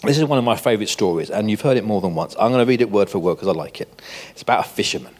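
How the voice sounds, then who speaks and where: A man's voice: fairly low pitch, expressive, very fast, a little mellow. An older man giving a conversational sermon, full of rhetorical questions to the congregation. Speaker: preacher.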